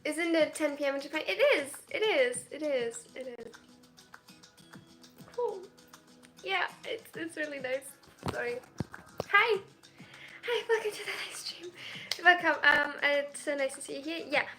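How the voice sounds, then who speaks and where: A woman's voice: high voice, animated, measured pace, pauses often, bright, forceful tone, soft background music. A 22-year-old woman from Germany, live-streaming at home and reading viewer comments aloud. She talks in a shy, self-conscious way, with hesitant restarts and nervous laughs.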